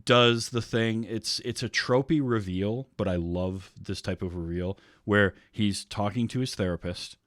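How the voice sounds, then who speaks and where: Male podcast host, low register, rambling casual movie chat, dry close sound. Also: measured pace, hardly any pauses, a bit bright, no echo. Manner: rambling, fills with ums, acts out scenes.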